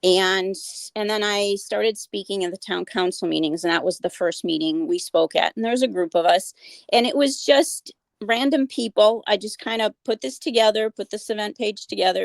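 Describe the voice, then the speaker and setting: Earnest woman with a gravelly edge. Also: mid-range voice, normal speed, no echo. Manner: earnest, many fillers and restarts. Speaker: guest, animal advocate. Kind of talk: casual interview conversation.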